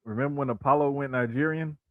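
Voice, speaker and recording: A man co-hosting a wrestling podcast with animated, joking banter. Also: medium pitch, fast, no echo. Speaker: podcast co-host. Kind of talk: casual podcast chat. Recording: tinny phone-like line.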